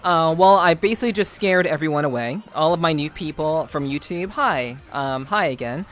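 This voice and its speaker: A woman's voice: low voice, normal speed. A woman streamer chatting casually with her live chat, greeting viewers by name, laughing and repeating herself. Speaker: VTuber streamer.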